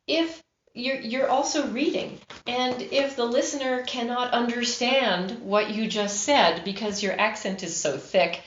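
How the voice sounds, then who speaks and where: A woman audiobook narrator talking about her work in a lively, expressive way. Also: on the high side, a little slow, hardly any pauses, slight background noise. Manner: lively, expressive, acts out examples. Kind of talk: interview answers, casual. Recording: dull roomy recording.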